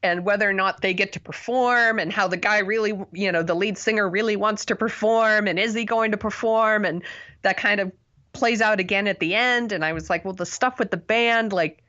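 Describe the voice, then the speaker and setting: Speaking at a moderate pace, this woman has a medium-pitched voice that sounds pushed and bright, captured on dull audio. She's a podcast co-host giving a casual movie review, wandering loosely through her thoughts with many fillers and self-deprecating laughs.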